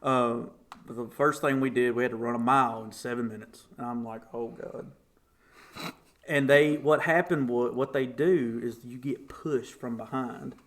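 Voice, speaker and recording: A young man, a podcast guest telling a story casually and acting out the voices in it. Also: moderate pace. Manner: animated, acts out quotes with big pitch jumps.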